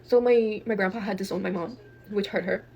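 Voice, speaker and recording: A woman's voice: mid-range voice, fairly quick, creaky. A young woman from Texas telling a wild family story in casual, profane speech, acting out quotes. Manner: profane, animated, acts out quotes. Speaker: guest storyteller.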